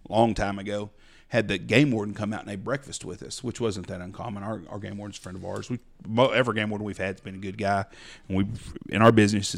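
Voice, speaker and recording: Blunt outfitter spinning stories. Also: male voice, fairly low pitch. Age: middle-aged. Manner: folksy, blunt storyteller acting out clients' lines. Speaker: hunting outfitter, podcast co-host. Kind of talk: casual storytelling chat.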